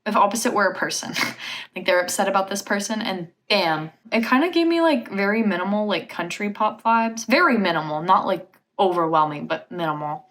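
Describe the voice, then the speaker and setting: A woman's voice: mid-range voice, expressive, brisk, a bit bright. Brief: woman vlogger, enthusiastic album reaction, filler-heavy chatty delivery, mid-range voice. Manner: gushing, filler-heavy talk with lots of "like". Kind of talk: casual album review chat.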